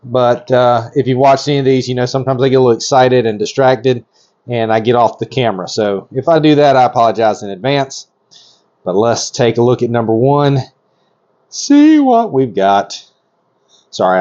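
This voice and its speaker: Talking fairly quickly as he works, a mid-pitched male reptile breeder gives a loose, excitable running commentary packed with fillers and restarts. A camera mic at working distance picks him up, so the sound is a bit dull and lo-fi.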